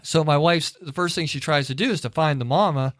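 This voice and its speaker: A man's voice: a little high, fairly quick, a bit bright, no room sound, clean studio sound. A middle-aged man on a church podcast tells a long, rambling family story in casual chat, acting out the people he quotes. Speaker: podcast co-host.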